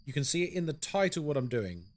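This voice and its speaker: A man's voice: on the high side, fast. A young British man chatting casually on a live stream, reading out and answering chat. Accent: British English. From Britain. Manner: chatty, animated, reads chat aloud and answers it. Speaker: horror game streamer.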